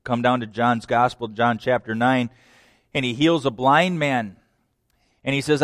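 A man preaching a sermon, dramatic, swinging between loud declarations and hushed lines. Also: mid-range voice, little pitch movement, moderate pace, no echo, studio quality.

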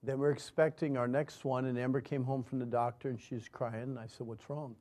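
A man preaching a sermon and telling his own story earnestly, moving between loud emphasis and hushed lines. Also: mid-range voice, level tone, brisk. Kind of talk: sermon with personal testimony.

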